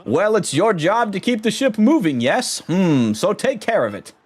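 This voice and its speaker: A man voices a pompous game merchant with a high, sing-song voice that leaps all over the place. He is fussy and self-important, and he tips into stammering panic at the slightest trouble. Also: sing-song, moderate pace, husky, full character voice. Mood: haughty. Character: pompous, easily panicked rich male merchant.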